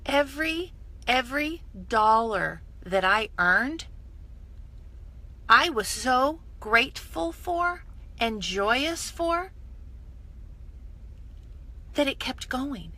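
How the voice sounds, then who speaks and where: Woman, motivational live stream, phone mic, emphatic, bright tone. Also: sits high, lively intonation, slow, long pauses. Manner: enthusiastic, emphatic, builds with repetition. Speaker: direct-sales business mentor.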